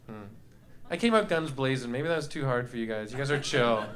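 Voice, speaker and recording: A man's voice: medium pitch, brisk, a bit bright. A young man doing loose stand-up comedy on a club stage, rambling goofily and riffing with the audience. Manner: goofy, rambling, jumps into silly voices.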